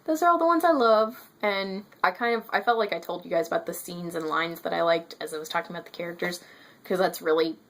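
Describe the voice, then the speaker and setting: A woman's voice: lowish voice, fast, fairly bright tone. A woman talking casually to camera in a book review vlog, rambling, correcting herself and turning emphatic when annoyed. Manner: gestures with her hands while talking. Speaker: book vlogger.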